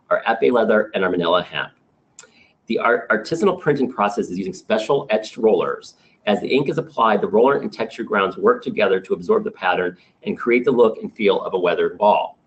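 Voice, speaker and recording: A man's voice: on the low side, dull audio. A man presenting new products to his sales team in a business meeting, upbeat as he runs through specs with small restarts.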